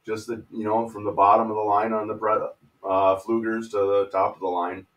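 A man who works as a fishing guide answers questions about his gear in a casual live chat. His voice is low. He keeps his answers short and easygoing. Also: level tone, normal speed, lo-fi sound.

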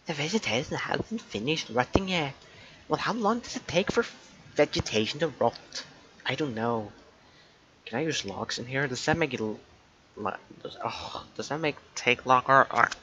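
A man's voice: medium pitch, sing-song, measured pace, long pauses, pushed and bright, a little hiss or hum, rough recording. A man giving casual gaming commentary, muttering irritably and swearing a lot. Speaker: gameplay commentator. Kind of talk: casual let's play commentary.

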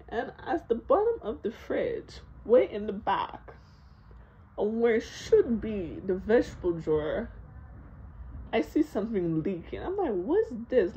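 Animated, laughing young woman telling a story. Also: medium pitch, muffled recording. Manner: animated, laughing, swearing, filler-heavy. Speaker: vlogger. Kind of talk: casual storytime vlog.

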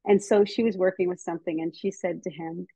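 An American woman giving a lively, chatty talk to teachers and parents over a video call, with frequent ums. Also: on the low side, brisk, slightly rough, no room sound. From United States. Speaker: speaker on child development. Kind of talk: casual lecture to teachers and parents. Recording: dull, slightly muffled video call audio.

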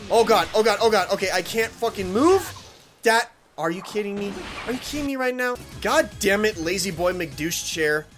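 Excitable trash-talking gamer man. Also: sits high. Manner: excitable, swearing, trash-talking the game bosses. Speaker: gaming channel host. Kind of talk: let's play commentary.

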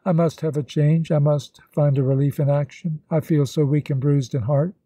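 Man reading young woman, earnest, solemn, measured, dark mellow tone, dry close sound. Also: fairly high pitch, fairly even intonation, no echo, natural voice. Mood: weary. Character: earnest young woman renouncing her love.

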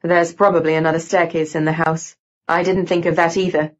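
A woman reading an audiobook voices a guarded young man with low, clipped, terse replies. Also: little pitch movement, brisk, highs cut off, lightly acted. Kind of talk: audiobook dialogue.

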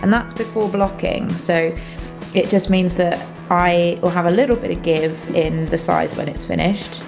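A congested young woman chatting casually in a vlog, bubbly, and talking to her dog in a high baby voice. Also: steady tone, moderate pace, creaky, reverberant, music in the background. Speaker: vlogger.

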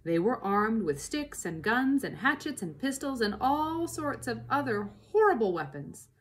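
A woman reading a children's book aloud, narrating in an expressive way. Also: on the high side, a little slow, slight background noise. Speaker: reader.

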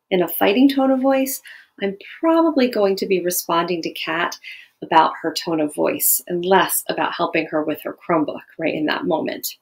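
A woman with a slightly low voice gives a recorded lesson to schoolchildren. She speaks gently and patiently and keeps asking the children questions. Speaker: school staff member teaching students.

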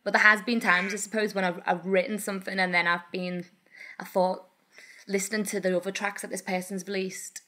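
A young woman chats as a podcast guest, telling stories in an animated way full of ums and likes. Her voice is bright and forward, at a medium pitch. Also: brisk. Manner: animated, storytelling, filler-heavy. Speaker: guest singer-songwriter. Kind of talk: casual interview chat.

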